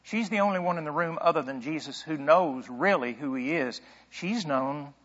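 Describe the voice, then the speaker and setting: A pastor preaching a sermon in a conversational way, asking rhetorical questions and thinking aloud. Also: male voice, fairly high pitch, normal speed, fairly bright tone, in a large hall, muffled recording.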